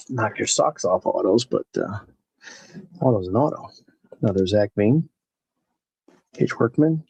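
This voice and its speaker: Here a man's warm, medium-pitched voice, husky and gravelly, carries casual live-stream chatter during a baseball card break, where he addresses viewers by name while tearing into packs. There's no room sound, though the recording is low quality.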